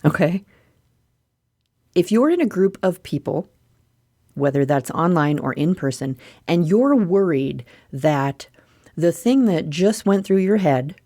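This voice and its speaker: A middle-aged woman hosting her own podcast, talking casually and laughing, with sudden high squeals of delight. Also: darkish tone, no room sound, clean studio sound. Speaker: podcast host. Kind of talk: casual solo podcast talk.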